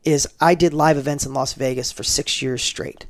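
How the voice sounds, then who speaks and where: A middle-aged man as a podcast guest, telling personal stories in a casual interview, animated and acting out quoted dialogue with frequent restarts. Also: on the high side, a little fast, hardly any pauses, dry recording.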